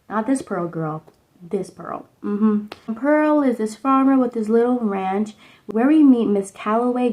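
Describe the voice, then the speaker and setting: At home under a sunset lamp, a young woman vlogger recaps a movie in a casual, rambling way, saying "like" a lot. Her mid-range voice is mellow, and the audio is poor.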